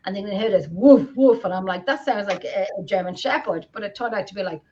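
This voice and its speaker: A woman's voice: mid-range voice, quick pace, highs cut off, a little hiss or hum. An Irish woman co-hosting a live video podcast, talking casually and rambling with many restarts. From Ireland. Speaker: podcast co-host. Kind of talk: casual chat. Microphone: video call.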